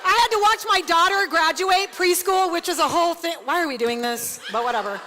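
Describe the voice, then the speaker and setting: A woman founder telling a funny personal story to a women's event audience, animated and laughing often. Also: extremely high pitch, brisk, a faint crowd, slight background noise. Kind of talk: comedic personal storytelling talk. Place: large event hall before an audience. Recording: long hall reverb, faint ambience.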